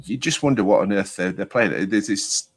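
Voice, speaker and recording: A man hosting an online political chat show, speaking in a rambling, halting, sardonic way. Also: fairly low pitch, husky. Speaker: host.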